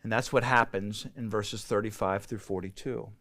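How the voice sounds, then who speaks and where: A male pastor leading a Bible study, retelling the story in a relaxed, conversational way and acting out bits of dialogue. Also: fairly low pitch, moderate pace.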